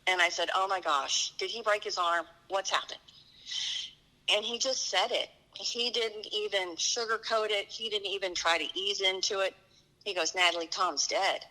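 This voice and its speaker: A woman's voice: medium pitch, steady tone, normal speed, pushed and bright, rough recording. A middle-aged woman earnestly recounting a personal story, acting out the dialogue. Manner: earnest, vivid retelling with quoted dialogue. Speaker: guest telling her story.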